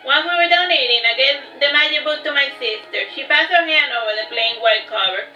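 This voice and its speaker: A woman's voice: high voice, a little fast, sharp tone. A woman reading her own fantasy story aloud in a plain storytelling manner, with small stumbles and repeated words. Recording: distant, roomy, dull, faint music.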